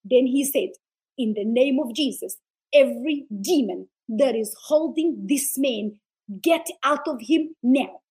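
A high-pitched woman speaks as a guest in an interview. She tells a faith testimony with fervent, preacher-like conviction and acts out the people she quotes. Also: a little slow, a little mellow, husky, poor audio. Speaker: ministry founder, guest.

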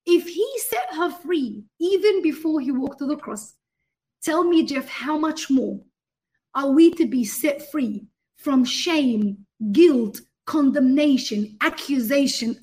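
A woman with a high voice gives an interview answer in the manner of a sermon. She is fervent and emphatic, and she turns again and again to the host as she speaks. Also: a little mellow. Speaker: guest minister and author.

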